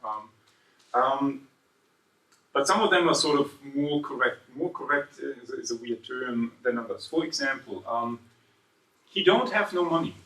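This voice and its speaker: A man's voice: mid-range voice, a little slow. A man teaches a seminar class, peppering his points with questions to the room. He sounds a few steps back from the microphone, and his voice rings around the hall. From southern Germany. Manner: lively, quizzes the class, tags 'right?' after points. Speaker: university lecturer. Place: lecture room. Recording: echoey room, voice far from mic.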